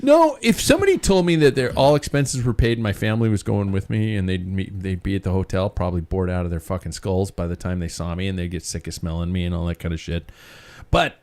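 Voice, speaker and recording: Lively, self-mocking man co-hosting a podcast. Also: deep voice, fast. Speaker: podcast co-host. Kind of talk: casual chat. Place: bar, live show.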